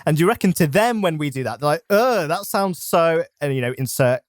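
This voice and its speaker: A man's voice: a little high, expressive, fast talker, dry recording, clean studio sound. A man co-hosting a gaming stream, chatting casually in a rambling, playful way with lots of giggling. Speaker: co-host of a gaming channel. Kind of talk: casual gameplay chat.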